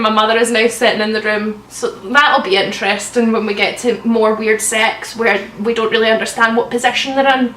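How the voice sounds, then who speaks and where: A woman's voice: fairly high pitch, fairly even intonation, normal speed, few pauses, a bit bright, slight background noise. Sarcastic woman reading aloud, roomy. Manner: sarcastic, swears, bursts into laughter. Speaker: comedian reading fanfiction aloud. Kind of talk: comic dramatic reading with mocking asides. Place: room at home. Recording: roomy sound, slightly distant mic.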